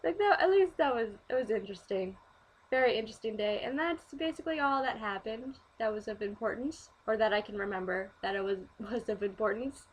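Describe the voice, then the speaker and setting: A young woman in her twenties telling stories in a casual vlog, animated, swearing freely and saying "like" a lot. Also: fairly high pitch, fairly quick. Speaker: vlogger.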